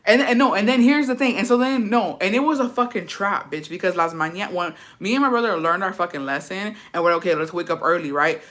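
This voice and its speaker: A woman's voice: medium pitch, a little fast, hardly any pauses. A woman vlogger who reads viewer comments aloud and reacts, telling her own stories in a blunt, slangy, profanity-heavy way. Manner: animated storytelling.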